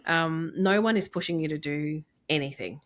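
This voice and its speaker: Emphatic woman, lowish voice. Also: moderate pace, a bit bright. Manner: emphatic, encouraging, informal. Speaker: infant sleep consultant co-host. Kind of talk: casual podcast chat.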